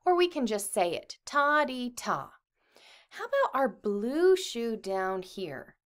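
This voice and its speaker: A woman music teacher leading a children's lesson, speaking slowly and encouragingly to the kids. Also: a little high, sing-song. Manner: slow, encouraging, addresses children.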